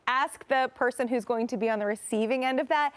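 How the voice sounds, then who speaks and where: A woman's voice: on the high side, brisk, no room sound. A young woman co-hosting a morning TV show in a studio, talking in a bubbly, giggly way with lots of "like". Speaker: TV talk show co-host. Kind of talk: casual morning show chat.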